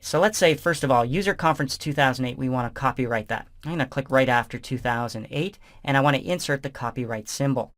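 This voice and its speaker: A man walks through a software screencast, talking the listener through each click in a relaxed, conversational tone. His voice sits at an ordinary middle pitch for a man. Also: fast, few pauses. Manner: relaxed, conversational step-by-step explaining. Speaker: software instructor. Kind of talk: screencast tutorial narration.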